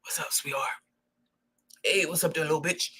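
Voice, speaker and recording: A woman voicing a gruff, domineering man who bosses his girlfriend around. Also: low voice, fairly even intonation, normal speed, a bit bright. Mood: bossy. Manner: gruff, bossy, dismissive. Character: bossy domineering grown man boyfriend.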